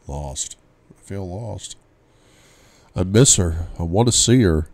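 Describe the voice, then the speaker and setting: A man voicing a brooding, quick-tempered young man in an audiobook reading, with tense, clipped replies. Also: deep voice, expressive, a little mellow, dry recording, exaggerated voice. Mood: tormented.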